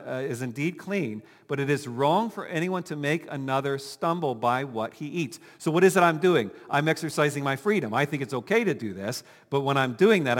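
A man preaching a sermon as pastor, animated and full of rhetorical questions, talking with his congregation. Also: medium pitch, big-room sound. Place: church sanctuary.

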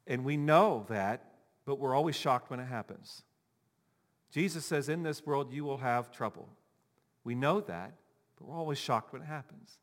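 A male pastor preaching a sermon, animated, acting out the people he quotes. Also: medium pitch. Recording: long hall reverb.

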